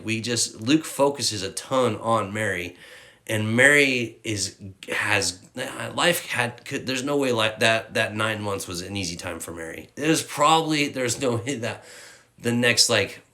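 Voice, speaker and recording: Man, casual devotional talk: rambling, candid, bright tone, lowish pitch, tearful at times. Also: a little slow. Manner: candid and rambling, with fillers and slang. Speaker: youth ministry leader.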